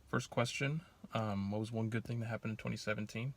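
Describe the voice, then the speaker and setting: Offhand, low-voiced teenage boy in a car. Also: steady tone. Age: teens. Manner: halting, offhand. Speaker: student vlogger. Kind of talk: casual self-interview. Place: in his car.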